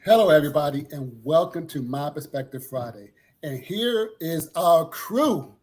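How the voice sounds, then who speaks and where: A man's voice: a little high, lively intonation, normal speed, a little mellow. A man with a New Jersey accent hosting a casual panel chat, joking and self-mocking. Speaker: show host.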